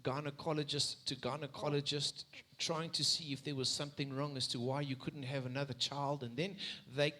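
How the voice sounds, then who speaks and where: A man's voice: a little high, little pitch movement, brisk, hardly any pauses, bright, forceful tone. A man, a pastor who interviews a church member by retelling her story back to her, with frequent restarts. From South Africa. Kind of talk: sermon interview. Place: church stage.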